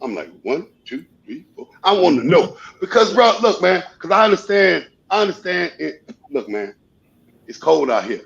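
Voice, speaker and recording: A man in his forties speaks with a fervent, rambling drive, often circling back over the same phrase. His voice is raised and gravelly. The call audio comes through muffled and lo-fi. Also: on the high side, sing-song, normal speed, fairly bright tone. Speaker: panel guest. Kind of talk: casual panel chat.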